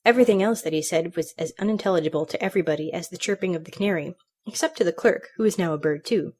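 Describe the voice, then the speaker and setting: Female narrator for a classic fairy tale reading, measured and expressive. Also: lowish voice. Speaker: storybook reader. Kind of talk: scripted narration.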